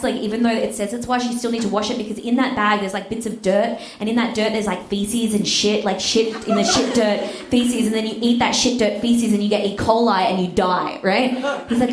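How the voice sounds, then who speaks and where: A woman's voice: mid-range voice, steady tone, quick pace. A woman doing a bawdy stand-up comedy set, telling a story and laughing through her lines. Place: comedy club stage with audience. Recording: echoey club room, audience noise.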